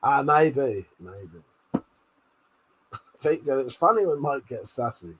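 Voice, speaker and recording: He's a British man running a live stream, teasing commenters as he reads them out, swearing and laughing, a bit tipsy. His mid-range voice is animated, fairly bright and slightly rough, and he takes it slowly with frequent pauses.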